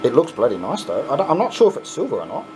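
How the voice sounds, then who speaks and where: An excitable middle-aged Australian man talks through an unboxing for his vlog in a casual, chuckly way and swears freely. His pitch swoops up and down all the time. A faint hum of room ambience sits under his voice. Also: very fast. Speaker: coin pusher channel host.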